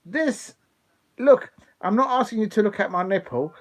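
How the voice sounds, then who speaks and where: A man hosting a live football watch-along, chatting excitedly with viewers and laughing often. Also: high voice, moderate pace. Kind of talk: live casual chat with viewers.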